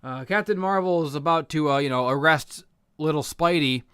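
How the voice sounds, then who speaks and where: A young man recapping comic books in a profane, sarcastic rant that erupts into shouting. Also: a little high, moderate pace, smooth, no room sound, studio quality. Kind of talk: ranting comic book recap.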